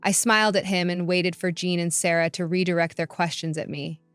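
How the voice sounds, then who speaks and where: A woman's voice: fairly low pitch, steady tone, a little fast, a bit bright, clean tone, no echo. A woman reading a first-person story in a matter-of-fact narration. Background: faint background music.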